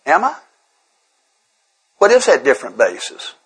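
Husky-voiced man giving a candid talk. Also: on the high side, wildly swooping pitch, a little slow, rough recording. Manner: conversational and self-deprecating, often repeats words while restarting. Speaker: speaker sharing at a twelve-step recovery workshop. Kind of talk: candid recovery talk to a group.

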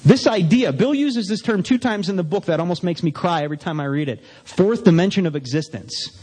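Male recovery speaker, slightly high pitch, candid and self-deprecating, addressing a meeting hall with long reverb. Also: expressive, brisk, darkish tone, slightly rough. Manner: candid, self-mocking storytelling.

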